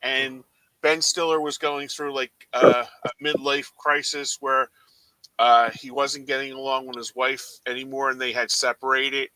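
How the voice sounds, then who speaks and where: A man's voice: medium pitch, little pitch movement, unhurried, bright, forceful tone, rough recording. An American man from Philadelphia chatting casually about TV shows, hesitant and full of fillers. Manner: hesitant, filler-heavy recommending.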